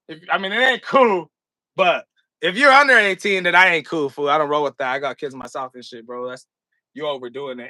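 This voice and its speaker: A man with a high, bright, edgy voice rants to his viewers in loose street slang, cursing freely. The sound is close and dry, with no room around him. He acts out the scene as he talks. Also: no echo. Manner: acts out scenes with props while talking. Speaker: vlogger. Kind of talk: casual commentary rant.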